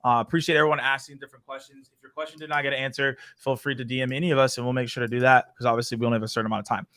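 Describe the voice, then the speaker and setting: A man's voice: mid-range voice, level tone, very fast, a bit bright, no room sound, studio quality. A man hosting a casual show, moderating questions in an upbeat way. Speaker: podcast host. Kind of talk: casual chat.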